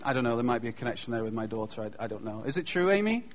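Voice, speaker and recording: A man's voice: mid-range voice, very fast. A man with a British accent giving a humorous, self-deprecating chapel talk to school students. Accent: British English. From Britain. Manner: joking, self-deprecating, lively storyteller.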